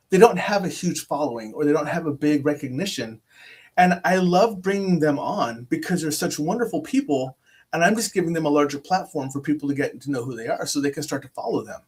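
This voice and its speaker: Male podcaster as guest, husky and a bit high-pitched, animated and rambling, video-call sound. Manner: rambling, animated storyteller with many restarts. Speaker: podcast host appearing as guest. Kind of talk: casual chat.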